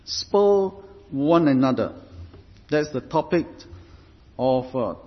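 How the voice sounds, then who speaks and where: A man preaching a sermon as pastor, deliberate and emphatic, stressing points through repetition. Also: medium pitch, animated. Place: church. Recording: reverberant hall, dull lo-fi sound.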